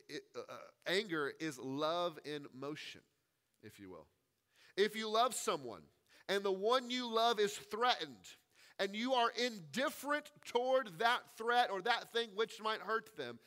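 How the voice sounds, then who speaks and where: A man delivers a sermon from the pulpit in a high, forceful voice. He presses each point hard and repeats his key lines to drive them home. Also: clear, resonant tone. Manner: emphatic, repeats key phrases for stress. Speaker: pastor.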